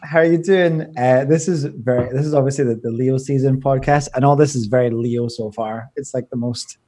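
A man's voice: medium pitch, steady tone, brisk, dark tone. Hesitant male podcast guest. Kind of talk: casual podcast chat.

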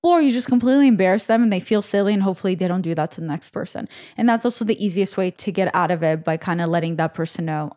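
A woman's voice: medium pitch, rapid-fire, few pauses, warm tone. A woman hosting a casual podcast, giving opinionated, frank dating advice to listeners. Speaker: podcast host.

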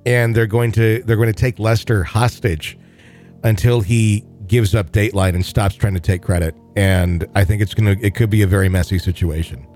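A man hosting a podcast, chatting casually and reading a listener's letter aloud in a relaxed, joking way. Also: fairly low pitch, moderate pace, faint music behind. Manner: relaxed, joking, with many fillers. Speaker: podcast host.

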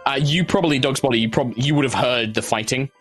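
A man narrating as game master, describing scenes in loose, halting phrases. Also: medium pitch, a bit bright, faint music behind. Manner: loose, hesitant narration with fillers.

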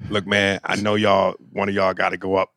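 A man doing a low drawling club booker. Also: monotone, brisk, a bit bright, no echo, clean studio sound. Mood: laid-back. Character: laid-back man booking comics at a club.

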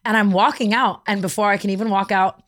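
A young woman co-hosts a podcast in a casual chat, telling a story with lots of energy. Her voice sits in the middle of the range and swings between flat retelling and squeaky imitations. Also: fast. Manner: animated storytelling, mimics a whiny high voice. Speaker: podcast co-host.

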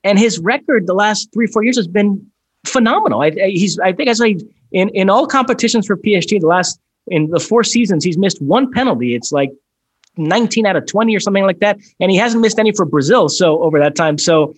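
A man co-hosting a soccer podcast, explaining things in a brisk, detailed, analytical way. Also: high-pitched, animated, no echo. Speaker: podcast co-host. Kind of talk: casual soccer podcast chat.

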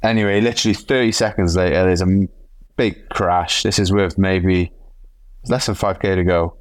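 A male professional cyclist telling a race story in a chatty, animated way on a podcast. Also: sits low, moderate pace, no echo. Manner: animated, chatty, acts out quotes. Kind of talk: casual storytelling chat.

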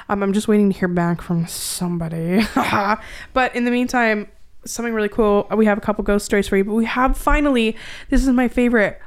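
A young adult woman hosting a podcast, chatting casually with quick asides and reading listener stories aloud. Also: medium pitch. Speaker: podcast host. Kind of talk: casual chat and story reading.

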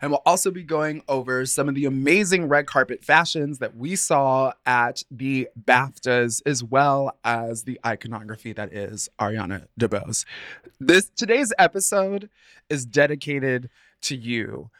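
A man's voice: medium pitch, a little slow, a bit bright, no echo. A man co-hosting a fashion podcast in a casual, playful chat, laughing often as he talks. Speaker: podcast co-host.

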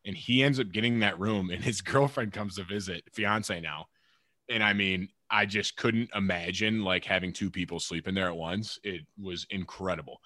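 A man's voice: deep voice, normal speed, bright, forceful tone, no echo, studio quality. A young man co-hosting a podcast in casual chat, rambling with lots of "like" and "literally". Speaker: podcast co-host, pro baseball player.

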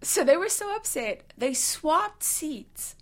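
A woman from South Africa, a guest telling an animated story with swearing and laughter in a casual chat. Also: high-pitched, slow pace.

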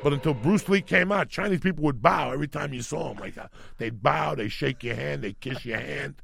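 A middle-aged New York City man tells rambling, profanity-laced stories in a casual chat, animated throughout. His gravelly, husky voice is a little high and brisk, recorded with no echo.

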